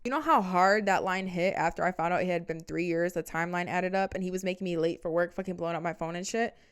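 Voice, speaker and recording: A woman's voice: fairly low pitch, fairly even intonation, fast talker, clear, resonant tone. A woman in her twenties, a podcast host telling a casual storytime with candid, dramatic retelling and plenty of swearing.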